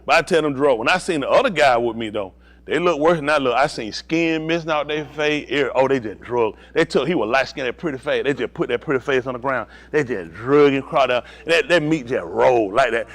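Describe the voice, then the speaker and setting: A man's voice: mid-range voice, brisk, hardly any pauses. A middle-aged male pastor telling a personal story in a sermon, acting out the voices of the people in it and laughing often.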